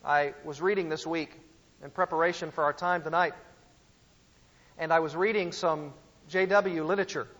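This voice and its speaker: High-voiced preacher in a hall. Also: male voice, fairly even intonation, moderate pace, long pauses, a bit bright, dull audio. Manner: emphatic teaching with rhetorical questions to the audience. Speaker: pastor teaching a series. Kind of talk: sermon.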